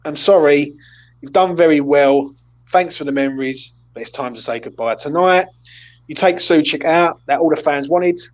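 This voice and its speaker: A man's voice: on the high side, moderate pace, highs cut off. A man hosting a casual post-match chat, blunt and sweary as he leads the player ratings. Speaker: host of a football fan channel.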